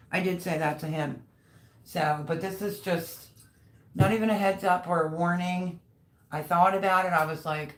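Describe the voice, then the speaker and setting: A woman's voice: sits low, steady tone, moderate pace. Chatty woman rambling on a live stream. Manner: chatty, rambling, coos baby talk at the dogs. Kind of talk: casual live-stream chat.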